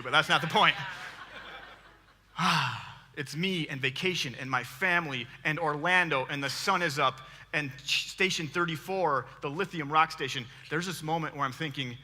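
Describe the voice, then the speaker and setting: A man in his thirties giving a storytelling sermon as a guest preacher, animated and joking, laughing often. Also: fairly high pitch. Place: church hall. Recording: long hall reverb.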